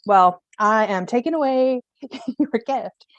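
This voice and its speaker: A woman's voice: a little high, animated, slow, no echo, highs cut off. Woman doing a smug flirty male god. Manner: casual slangy swagger.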